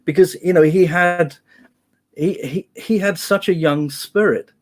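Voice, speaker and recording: A man's voice: sits high, measured pace. A man reminiscing in a casual chat on a video call, telling stories with many restarts. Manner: chatty storyteller, many restarts, quotes others. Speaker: guest musician.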